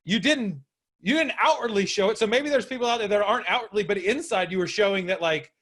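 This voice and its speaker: A man's voice: high-pitched, quick pace, a bit bright. A man hosting a podcast interview, rambling and playful with lots of fillers. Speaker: podcast host and exam coach.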